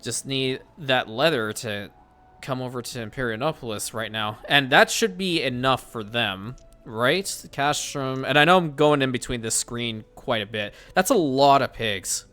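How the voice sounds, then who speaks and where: A man's voice: medium pitch, expressive, moderate pace, bright, forceful tone. A man hosting casual gameplay commentary, chatting and thinking aloud as he plays, often correcting himself mid-sentence. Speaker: gaming channel host.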